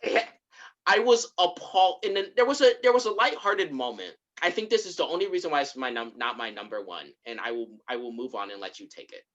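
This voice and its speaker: A podcast co-host walking a friend through a movie they disliked, in a casual, chatty delivery. The voice has a bright, slightly sharp tone and a lively melody that rises and falls a lot. The host often slips into the characters' voices while telling the story. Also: mid-range voice, fairly quick, lo-fi sound. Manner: animated storyteller who acts out the characters' lines. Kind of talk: casual chat recapping a movie.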